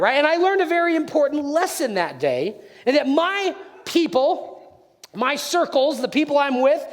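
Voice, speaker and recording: A man telling a playful story in a sermon, speaking with animation straight to his listeners. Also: extremely high pitch. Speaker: preacher. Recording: long hall reverb.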